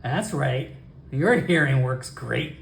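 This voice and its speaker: A solo role-player voicing a suspicious, sharp-tongued townswoman in a sarcastic drawl, recorded in an echoey room. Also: medium pitch, lively intonation, takes it slowly, gravelly, a little hiss or hum.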